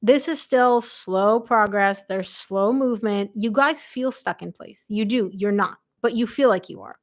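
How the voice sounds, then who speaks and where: A woman doing a live tarot reading, chatty and excitable, her voice going hoarse from a long day of readings. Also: medium pitch, measured pace. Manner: chatty, excitable, quotes people aloud. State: losing her voice. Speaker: tarot reader.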